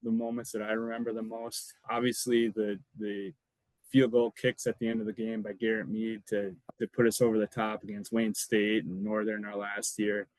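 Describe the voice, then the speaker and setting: A man's voice: on the low side, little pitch movement, moderate pace, a little mellow, no echo, low-quality recording. A man, a former college football lineman, casually telling rambling stories as a podcast guest and laughing between anecdotes. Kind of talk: casual storytelling.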